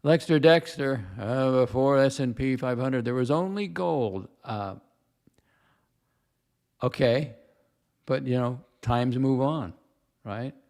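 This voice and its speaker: Older man with a gravelly voice, chatting. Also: mid-range voice, takes it slowly, pauses often, darkish tone. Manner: chatty storyteller, repeats himself, reads chat comments. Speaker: livestream host. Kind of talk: rambling casual chat.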